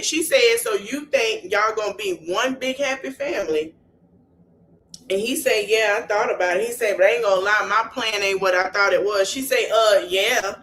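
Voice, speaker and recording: Her medium-pitched voice carries a bit of hiss or hum over poor audio as this woman podcast host recaps casually. She tells it all with animation, he-said-she-said style, sprinkling in slangy asides to her audience.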